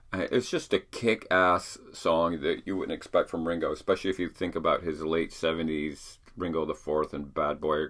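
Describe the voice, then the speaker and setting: A man's voice: low-pitched, fairly bright tone. A middle-aged man hosting a show from his attic, telling stories in a chatty, rambling way with fillers and restarts. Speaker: podcast host. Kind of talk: casual storytelling. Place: home attic.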